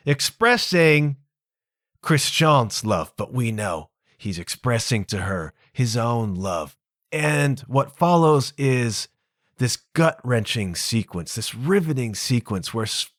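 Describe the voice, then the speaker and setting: Animated man retelling a story. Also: mid-range voice, no echo, studio quality. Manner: animated, emphatic storytelling with casual slang. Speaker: podcast host. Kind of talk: casual solo monologue retelling a play.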